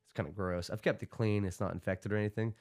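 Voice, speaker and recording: A young man chatting casually as a podcast guest, telling stories in an animated way and laughing often. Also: on the low side, fast. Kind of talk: casual chat.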